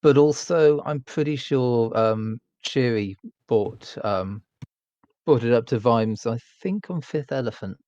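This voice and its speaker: A man's voice: mid-range voice, unhurried, darkish tone, no room sound. Man with a dull lo-fi mic. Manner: eager, explains lore at length. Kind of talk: casual chat on a gaming stream.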